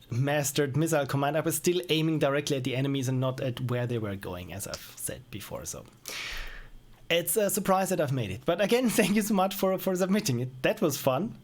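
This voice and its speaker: A young man streams and reviews small indie games in casual live-stream commentary, rambling and self-mocking with frequent chuckles. His fairly high-pitched voice is expressive at normal speed.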